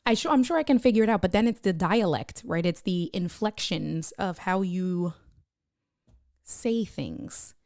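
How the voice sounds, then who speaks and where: A woman's voice: lowish voice, lively intonation, unhurried, a little mellow, dry recording, clean studio sound. A woman live streamer chatting casually and rambling to her viewers, reading their chat messages aloud. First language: Spanish (bilingual).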